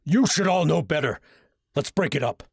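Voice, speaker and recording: A man's voice: on the high side, animated, normal speed, vocal fry, breathy edge, no echo, clean studio sound, voice pushed up, heavily acted. A man voicing a stern male college professor who growls orders at students in an audiobook. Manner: growling, commanding.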